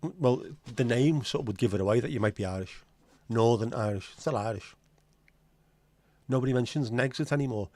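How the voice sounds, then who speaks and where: A man's voice: medium pitch, normal speed, a little mellow, no echo. A man with a Scouse accent, hosting a livestream in casual, blunt, sweary banter with his viewers. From Liverpool, England. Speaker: livestream host.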